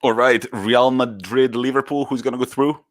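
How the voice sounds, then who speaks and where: A man's voice: medium pitch, steady tone, normal speed, no room sound, studio quality. A man, co-hosting a podcast and chatting enthusiastically about football. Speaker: podcast co-host. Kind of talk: casual football chat.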